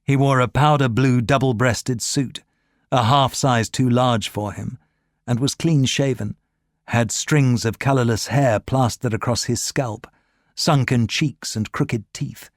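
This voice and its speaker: Measured male audiobook narrator, dry sound. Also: medium pitch, dry recording. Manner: measured, steady storytelling. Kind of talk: scripted narration.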